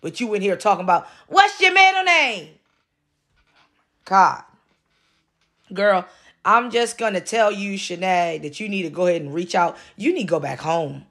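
A woman's voice: lowish voice, normal speed, fairly bright tone. Scolding woman ranting to camera. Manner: scolding, blunt and profane, repeats points for emphasis. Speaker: vlog commentator. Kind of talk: casual ranting commentary.

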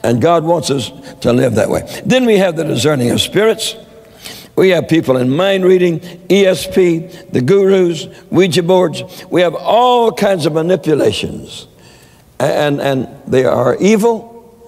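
A man's voice: a little high, lively intonation, measured pace, darkish tone, long reverb tail. A man preaching a sermon, telling stories with many stammered repeats. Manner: storytelling with frequent stammered repeats.

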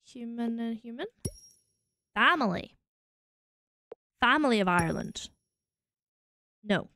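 A woman's voice: on the high side, lively intonation, slow pace, a little hiss or hum. A Scottish woman streaming a game, musing aloud as she tries out combinations. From Scotland. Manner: musing, trying combinations out loud. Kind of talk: casual thinking aloud while playing.

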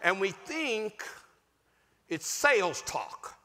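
A pastor preaches with a fervent, emphatic delivery that climbs into shouts. He has a high, bright, forceful voice that swings widely in pitch. The sound carries the long reverb of a large church hall. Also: sing-song, takes it slowly. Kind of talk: sermon.

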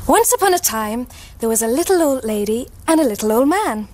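A woman telling a children's story aloud in a lively, expressive way for a young audience. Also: a little high, normal speed.

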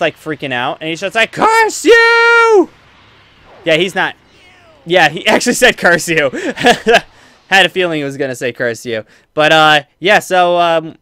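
A man giving let's play commentary, excitable and rambling, trash-talking his opponents as he plays. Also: sits high, clear, resonant tone, no echo. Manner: excitable, trash-talks opponents while playing; rambling with many fillers. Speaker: gaming channel host.

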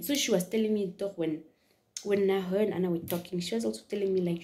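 A woman from Namibia tells a story in a casual vlog at a hair salon. She is animated and repeats words in quick strings. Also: mid-range voice, a little hiss or hum. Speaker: YouTuber.

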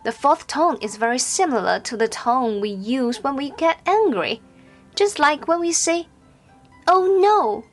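A woman teaching Mandarin pronunciation in scripted narration, speaking slowly and carefully with clearly enunciated, drawn-out example syllables. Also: sits high, expressive, soft background music.

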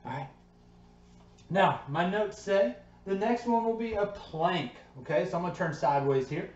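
A man coaching a home PE workout in his basement. He sounds upbeat and encouraging and ends most sentences with a quick "okay?" or "all right?". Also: fairly high pitch, a little mellow. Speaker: PE teacher. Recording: echoey basement, slightly dull sound.

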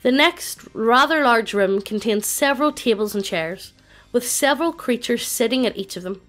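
A synthetic woman's voice, pitched a little high, narrates a tabletop adventure in a flat computer cadence. Soft music plays quietly underneath. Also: normal speed. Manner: flat, evenly paced computer reading. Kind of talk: synthetic text-to-speech narration.

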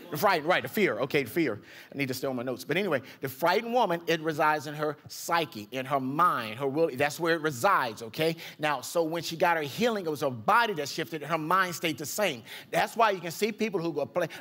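Male pastor, fairly high pitch, chatty sermon delivery with acted-out quotes. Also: expressive, a little fast, a bit bright. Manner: conversational preaching, acts out quotes with big pitch jumps.

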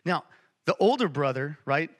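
A man's voice: a little high, sing-song, moderate pace, slightly rough. A man preaching a sermon in church, telling a Bible story with passion and emphasis. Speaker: church speaker.

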